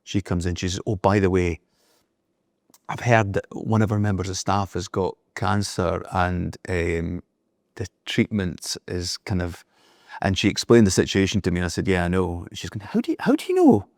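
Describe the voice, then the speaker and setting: A deep-voiced middle-aged man speaks at normal speed with a flat delivery, captured in a dry, clean studio recording. As an interview guest and business leader, he tells anecdotes in easy conversation, acting out what each person said.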